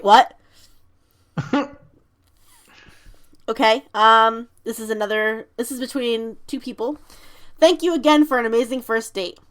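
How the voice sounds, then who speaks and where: This is a woman co-hosting a casual podcast, reading funny messages aloud with playful emphasis. She giggles often, and her voice sits a little on the high side. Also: bright, forceful tone. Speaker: podcast co-host.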